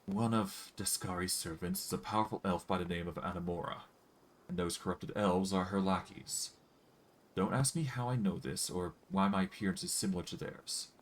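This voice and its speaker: A man's voice: low voice, steady tone, normal speed. A man reading aloud the lines of a defiant, wary elf woman in a fantasy game.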